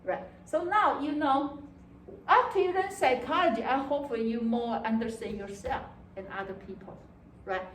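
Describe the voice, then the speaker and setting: Animated woman lecturing in an echoey classroom. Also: on the high side, normal speed, distant mic, slight background noise. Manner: animated, acts out student voices, frequent "okay" and "right". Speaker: psychology lecturer.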